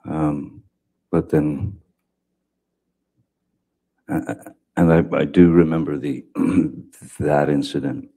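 A man giving courtroom testimony as a witness, speaking haltingly with many restarts and fillers. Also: a bass voice, steady tone, mellow, breathy edge. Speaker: trial witness.

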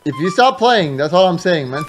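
A man streaming a war game, bantering and swearing with teammates over voice chat, shouting mock officer commands. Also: high voice, animated, fairly quick, music in the background. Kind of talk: casual gaming banter with voice chat.

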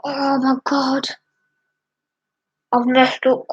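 Young female vlogger, husky and slow, panicky and apologetic, dull lo-fi audio. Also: high-pitched, completely flat delivery. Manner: panicked, apologetic, repeating words. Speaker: YouTuber. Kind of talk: distressed vlog commentary. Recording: dull lo-fi sound.

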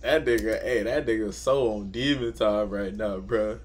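A man's voice: fairly low pitch, moderate pace, a little hiss or hum. A man reacting as co-host in a casual chat, full of hyped interjections.

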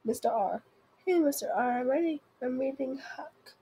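Breathy high-voiced young woman reading texts. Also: moderate pace, dark tone, poor audio. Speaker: video host. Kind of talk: reading funny texts aloud.

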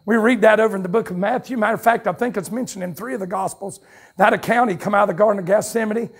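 A Southern man preaching at a campmeeting, his voice pitched high and gravelly with a husky edge. He swings from fiery shouts into quick, folksy asides to the congregation. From North Carolina, USA. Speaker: pastor. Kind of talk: revival sermon. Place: church sanctuary at a campmeeting. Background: congregation calling out responses.

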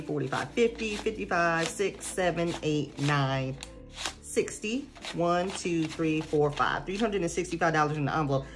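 Chatty woman vlogger. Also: mid-range voice. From United States. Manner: chatty and animated, addresses viewers as y'all. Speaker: budgeting vlogger. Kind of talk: casual chat to camera.

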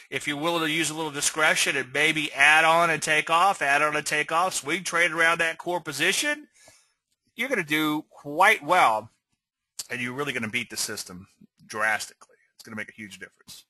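A man's voice: fairly high pitch, moderate pace, pushed and bright, no echo. A man teaching swing trading on a live webinar, rambling and conversational, often checking in with "okay?". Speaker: trading educator.

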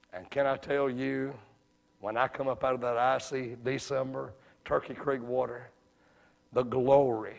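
A man preaching a sermon in a church, folksy, dropping to hushed asides and rising to shouts. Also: mid-range voice, creaky. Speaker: evangelist preacher. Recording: reverberant hall.

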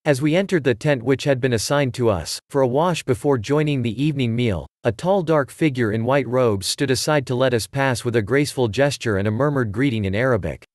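A man reading a story aloud in a measured narration style. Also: mid-range voice, a little mellow, dry recording, studio quality. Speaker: audiobook reader. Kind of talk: scripted narration.

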